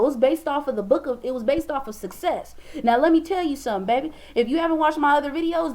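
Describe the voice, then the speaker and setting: A high-pitched young woman vlogging in a casual, motivational monologue. She talks in a loose, expressive way, often calling her viewers "baby" and "y'all".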